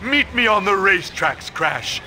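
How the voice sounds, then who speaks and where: A man's voice: high voice, expressive, a little slow, pushed and bright, slight background noise, full character voice. An actor playing a scheming male mad scientist who puts on a sly, falsely innocent manner, in a video game cutscene.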